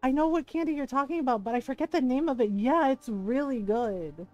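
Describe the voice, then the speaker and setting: Game streamer, middle-aged woman, slightly high voice, chatty, laughs a lot. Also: a little fast, no room sound, highs cut off. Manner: chatty, animated storyteller, laughs often. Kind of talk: casual chat while playing.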